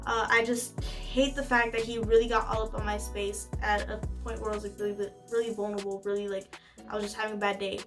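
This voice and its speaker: A woman's voice: mid-range voice, level tone, brisk, recorded from a distance, faint music behind. A young woman vlogger telling a casual storytime into a phone camera, chatty and emphatic, with many fillers of "like". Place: indoors at home.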